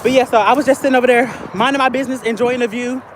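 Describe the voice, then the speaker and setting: A trans woman walks through an outdoor field on a phone livestream, telling stories in a loose, slangy, chatty way. Her voice sits high. Steady highway traffic rumbles loudly under everything she says. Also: very fast, low-quality recording. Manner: chatty, slangy storytelling while walking outdoors. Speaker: vlogger living in a car. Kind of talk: casual livestream chat. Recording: loud outdoor traffic noise.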